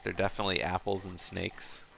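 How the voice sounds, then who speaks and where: A man casually commentating a speedrun race, relaxed and rambling as he talks to the chat. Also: low voice, a little fast, vocal fry, slight background noise.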